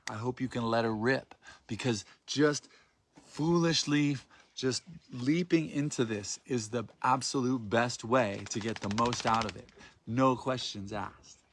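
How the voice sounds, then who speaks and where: A man guiding a group through prayer and vocal practice, speaking in a soft, loving, grounded tone and drawing his phrases out invitingly. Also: medium pitch, unhurried, a little hiss or hum. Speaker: spiritual workshop facilitator.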